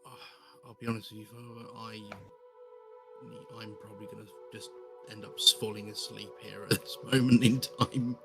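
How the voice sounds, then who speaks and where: A man voicing a blunt, weary former sailor adventurer in a tabletop role-play, talking casually with rough language. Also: lowish voice, flat delivery, moderate pace, over music, natural voice.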